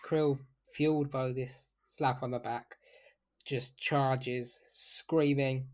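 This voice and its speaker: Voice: medium pitch, steady tone, slow. Laughing tabletop game player. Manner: laughing, loud, self-interrupting. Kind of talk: casual tabletop game chat.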